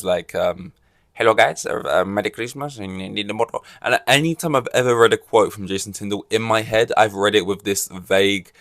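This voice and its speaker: A man from England talks through a casual solo podcast in a rambling, wry way, full of fillers and restarts. His voice sits on the low side and is recorded close and dry, with no room around it. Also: a bit bright, no echo. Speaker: podcast host.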